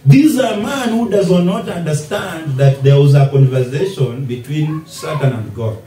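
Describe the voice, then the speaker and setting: A man's voice: on the high side, lively intonation, normal speed, warm tone, a little hiss or hum. A man with a Kenyan accent, a pastor preaching from scripture with repeated, emphatic phrases. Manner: preaching with repetition and rising emphasis. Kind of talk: expository sermon reading scripture. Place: church hall. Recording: echoey church hall, distant mic.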